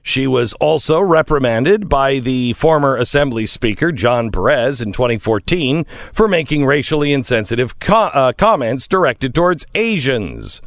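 A man's voice: medium pitch, no echo, studio quality. A man co-hosting a casual comedic news chat, reading out stories and riffing on them. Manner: reads news items, then riffs on them jokingly. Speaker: podcast co-host.

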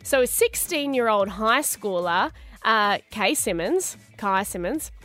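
A woman's voice: medium pitch, animated, measured pace, fairly bright tone, soft background music. A woman co-hosting a radio show, bantering playfully and telling stories with giggles. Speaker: radio co-host. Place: radio studio.

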